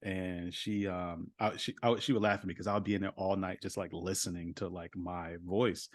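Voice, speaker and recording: A man's voice: deep voice, little pitch movement, moderate pace, no room sound. A man in his thirties, a voice actor guest on a podcast, talking casually and rambling with lots of "like" and "you know.".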